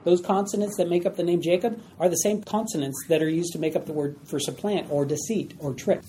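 Man teaching a Bible study, dark voice. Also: a little high, brisk, slight background noise. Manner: explains plainly, acts out voices.

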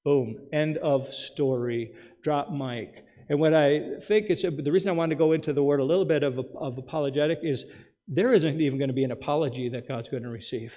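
A man's voice: on the high side, brisk. Emphatic preaching man in a reverberant hall. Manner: emphatic, rhetorical preaching with many asides. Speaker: pastor. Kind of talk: sermon. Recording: dull sound with long hall reverb.

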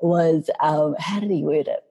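A middle-aged woman telling her story as an interview guest, lively and animated, acting out quotes. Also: low voice, unhurried, slightly rough. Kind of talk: storytelling in casual chat.

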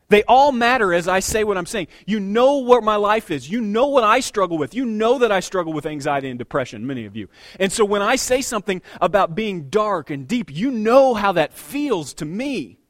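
A man in his thirties preaching a sermon as pastor, conversational and animated, with self-deprecating asides. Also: high-pitched, moderate pace, no room sound, clean studio sound. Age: 30s.

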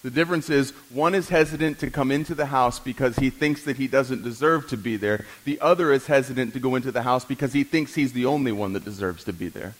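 A male pastor delivering a sermon in a dramatic, teaching manner. He questions his listeners, moves between hushed and forceful passages, and slows down to stress his points. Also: mid-range voice, low-quality recording.

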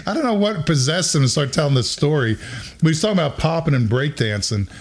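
A middle-aged man telling a story in casual conversation, lively and chuckling, often acting out what other people said. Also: a little high, fast, husky. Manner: animated, acts out quoted voices, chuckles while telling.

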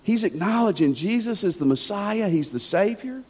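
In the church sanctuary, a long reverb follows every word from this pastor, whose notably high voice is husky, darkish and expressive. Emphatic but conversational at a normal speed, he keeps the congregation engaged with rhetorical questions.

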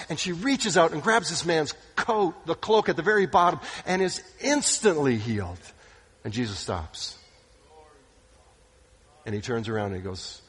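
A man preaching a sermon, retelling stories with dramatic delivery, sometimes dropping to a hushed voice. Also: mid-range voice, moderate pace, breathy edge. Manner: dramatic storytelling, acting out quoted voices, drops to hushed tones. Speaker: pastor. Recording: long hall reverb.

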